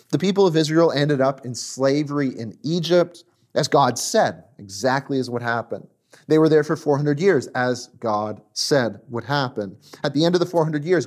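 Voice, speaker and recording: A male pastor delivering a sermon in an emphatic, repetitive way, dropping to a hush and then rising again for emphasis. His voice sits in a plain middle register. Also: mid-range voice. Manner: emphatic, repetitive, swings between loud and hushed.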